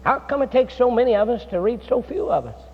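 A man's voice: very high voice, very animated, quick pace, slightly rough. A man preaching a chapel sermon as a guest preacher, folksy and storytelling, with many filler "uh"s. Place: seminary chapel. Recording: dull sound in a reverberant hall.

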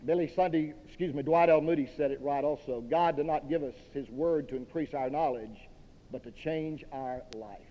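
A man's voice: fairly high pitch, moderate pace. A man from Dallas, preaching a sermon in a direct, emphatic, folksy way. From Dallas, Texas. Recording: dull long-reverb hall recording.

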